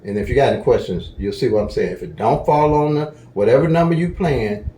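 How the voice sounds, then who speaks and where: Folksy aave-speaking guy walking you through lottery picks, mellow low tone, kinda echoey room, keeps saying okay?. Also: animated, a little fast, slight background noise. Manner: folksy, chatty, repeats "okay?" to check in. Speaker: lottery strategy teacher. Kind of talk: casual tutorial walkthrough.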